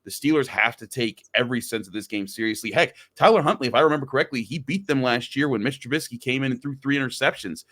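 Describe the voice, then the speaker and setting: A man's voice: medium pitch, fast, few pauses, a bit bright, no room sound. A man hosting a sports podcast, talking conversationally with frequent stammered restarts. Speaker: podcast host. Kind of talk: casual sports podcast chat.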